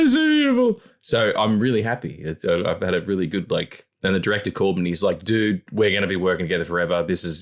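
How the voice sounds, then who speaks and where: A man co-hosting a podcast, rambling in casual chat, swearing freely and acting out quotes in squeaky voices. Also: a bit bright. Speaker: podcast co-host.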